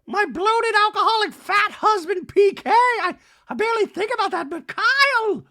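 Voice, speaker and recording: A man putting on the voice of a dramatic, emotional woman reality star, high and gushing. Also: expressive, moderate pace, sharp tone, heavily acted. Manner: melodramatic, swooping up in pitch.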